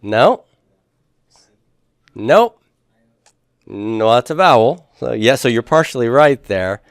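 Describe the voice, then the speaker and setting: There's no echo on this slow, medium-pitched male voice with lively intonation. As a Greek teacher lecturing his class, he explains things step by step, often asks "okay?" or "right?", and plays with the occasional pun or joke.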